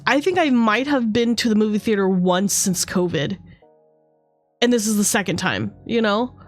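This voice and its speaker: Young woman, from Canada, casual stream chat, lots of fillers and cursing, slightly high voice. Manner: rambling, swears freely, many fillers.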